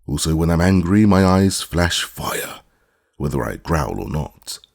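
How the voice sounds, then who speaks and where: A man voicing a boastful gravelly beast. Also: low voice, sing-song, unhurried, exaggerated voice. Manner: proud, self-important bragging. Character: boastful, good-natured square-headed beast. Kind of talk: audiobook character reading.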